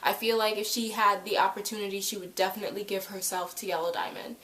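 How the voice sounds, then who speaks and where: A woman's voice: mid-range voice, fairly even intonation, fast talker, a bit bright. A woman reviewing a cartoon episode in a casual, chatty, rambling way, with lots of fillers. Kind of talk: casual chat.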